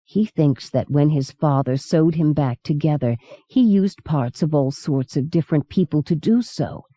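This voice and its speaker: A woman narrator voicing an eerie, chatty old woman who tells dark stories matter-of-factly. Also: low voice, normal speed, no echo. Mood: calm, knowing. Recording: dull lo-fi cassette recording.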